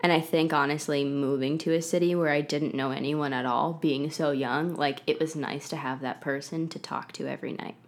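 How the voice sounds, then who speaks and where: Low-voiced chatty young woman guest. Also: fairly even intonation, normal speed, few pauses. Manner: chatty, heavy use of "like" and "um". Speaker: podcast guest, actor. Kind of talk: casual storytelling interview.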